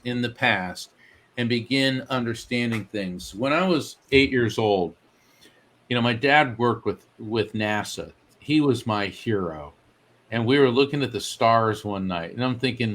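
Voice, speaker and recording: A man as a guest psychic medium, telling a story in an animated way and acting out the voices he quotes. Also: medium pitch. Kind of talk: storytelling in an interview.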